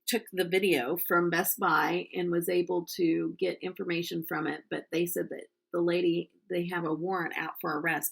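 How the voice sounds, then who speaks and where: A woman's voice: lowish voice, vocal fry, fairly bright tone. A middle-aged woman from the United States chatting casually while doing her makeup, telling a story with lots of ums. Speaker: makeup vlogger.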